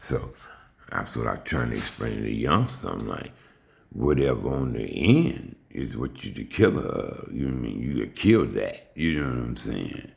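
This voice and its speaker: A man's voice: very deep voice, very animated, measured pace, vocal fry, a little mellow. A man giving a rambling, casual monologue in streetwise slang. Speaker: vlogger. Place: home in suburban Houston.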